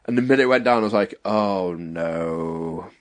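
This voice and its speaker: A young man telling a story to a friend in a relaxed chat. He is animated and acts out what people said in other voices. His voice sits in a middle register, recorded close and dry. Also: mid-range voice, very fast, no room sound.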